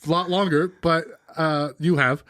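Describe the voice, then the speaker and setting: A man's voice: on the high side, fairly even intonation, moderate pace, a bit bright, dry recording, studio quality. A man co-hosting a podcast in casual chat, swearing freely and acting out quotes. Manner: swears freely, acts out quotes, laughs often. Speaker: podcast co-host.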